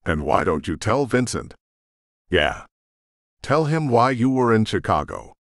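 A man's voice: lowish voice, big pitch swings, unhurried, a bit bright, dry recording, studio quality, pitched above the performer's own voice, heavily acted. A man voicing a bitter, vengeful male rogue shifter who taunts and threatens in a sneering way.

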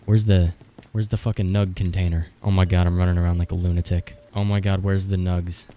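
Deep-voiced young man, frantic gameplay commentary. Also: flat delivery, a little fast, dark tone, a little hiss or hum. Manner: frantic, swearing, joking to himself. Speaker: gaming streamer.

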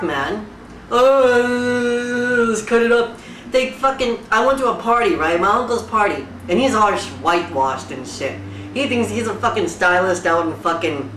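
A young comic from Fiji delivers a loud, profane rant full of exaggerated outrage, like a mock talk-show host. The tone is bright and sharp, and the mic sits back from the speaker in a roomy space with faint hiss behind. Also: medium pitch, recorded from a distance. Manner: loud, animated, swearing constantly, exaggerated outrage. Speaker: comedian recreating a talk show.

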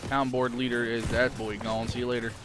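A man giving casual, excitable commentary while playing an online combat game, swearing and calling out targets to teammates. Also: medium pitch, fairly quick. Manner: excitable, swears a lot, laughs often. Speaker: gamer streaming his point of view in a clan war. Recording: music playing behind.

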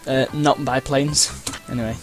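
A man talks casually over his racing game at a middle pitch, rambling between thoughts with lots of uhs and playful cheers. Loud game music and engine noise run under his voice. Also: fairly even intonation, normal speed. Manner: chatty and rambling, with frequent uhs and playful exclamations. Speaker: gameplay commentator. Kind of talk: casual let's-play commentary. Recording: game music and sound effects behind the voice.

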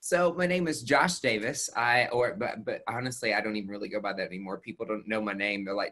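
A man with a Tennessee country accent, a nurse talking as a guest on a webinar in a chatty, sassy, animated way over a video call. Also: fairly low pitch, fast talker, few pauses. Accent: Southern US, Tennessee. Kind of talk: casual webinar interview.

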